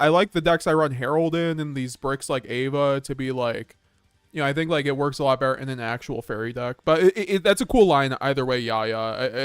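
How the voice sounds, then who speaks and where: A man's voice: medium pitch, smooth, dry recording, studio quality. A man streaming a card game live, chatting casually to his viewers and often restarting mid-sentence with little chuckles. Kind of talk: live-stream gameplay commentary.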